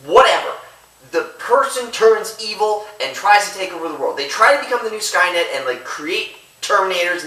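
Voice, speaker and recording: A man's voice: on the high side, pushed and bright, recorded from a distance. A man giving a casual, rambling movie review, often breaking off and restarting his thoughts. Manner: rambling, chatty, self-interrupting. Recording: echoey room, away from mic.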